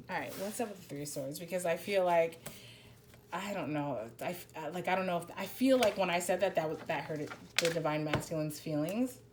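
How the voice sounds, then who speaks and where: A woman's voice: lowish voice, normal speed, background noise. A woman doing a casual spoken tarot reading. She talks bluntly, swears freely and rambles with many restarts. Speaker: tarot reader.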